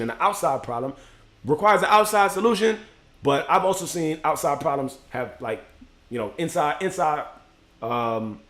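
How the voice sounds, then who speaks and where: Man, livestream host, rapid animated spiritual pep talk, slightly raised voice, echoey room. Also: a little high. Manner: animated, acts out inner voices with slang. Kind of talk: casual motivational monologue.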